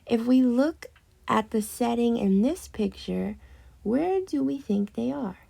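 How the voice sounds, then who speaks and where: A woman teaching an early reading lesson to young children, patient and slow, drawing out words as she models them. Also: fairly high pitch, lively intonation, creaky, warm tone.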